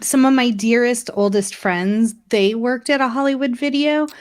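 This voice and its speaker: A woman's voice: on the high side, moderate pace. A woman guest on a podcast, chatting in a friendly way and laughing often. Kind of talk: casual chat.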